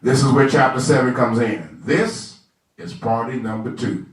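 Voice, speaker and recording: A man, a pastor, teaching Sunday school with animated, conversational storytelling. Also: medium pitch, moderate pace. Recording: echoey room from a distant mic.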